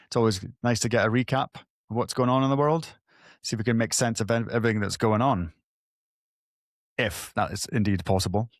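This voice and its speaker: A man's voice: fairly low pitch, no echo, clean studio sound. A man hosting a podcast interview, talking casually with frequent restarts and side remarks. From former soldier. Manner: loose, halting, restarts and asides while reading. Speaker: podcast host.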